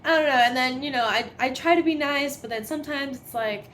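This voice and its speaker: A woman's voice: high-pitched, brisk, fairly bright tone, slight background noise. A young adult woman chatting casually as a podcast guest, laughing often and full of fillers. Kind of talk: casual chat.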